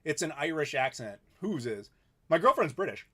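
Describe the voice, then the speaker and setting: A man's voice: fairly high pitch, very animated, normal speed, fairly bright tone. A man in his thirties hosting a casual live question-and-answer stream from home. He talks in an easygoing, chatty way and laughs often. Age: 30s. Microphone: desk mic in front of him.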